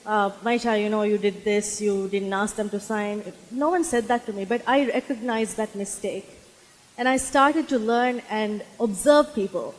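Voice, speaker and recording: A woman giving a motivational conference speech from a stage, telling personal stories in a conversational way. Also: fairly high pitch. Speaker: speaker at a speakers' summit. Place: stage in a hall. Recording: long hall reverb.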